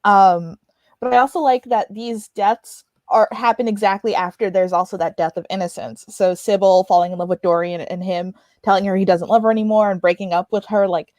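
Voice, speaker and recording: A woman's voice: steady tone, a little fast, a little mellow, no room sound. A woman co-hosting a book club livestream, chatting wryly about the story. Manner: chatty, wry, drops into lower register. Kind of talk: casual book discussion.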